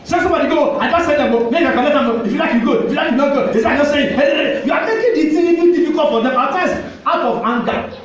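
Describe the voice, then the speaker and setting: Nigerian man, pastor, high-pitched, exhorting and repetitive, echoey distant hall sound. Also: racing. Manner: exhorting, switches into pidgin, repeats phrases. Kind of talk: sermon. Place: church hall. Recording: echoey church hall, mic at a distance, faint ambience.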